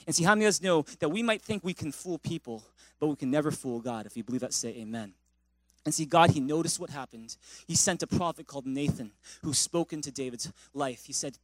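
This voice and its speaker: A man pastor preaching a sermon, telling a story in an animated way with frequent restarts. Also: fairly high pitch, fairly quick, no room sound.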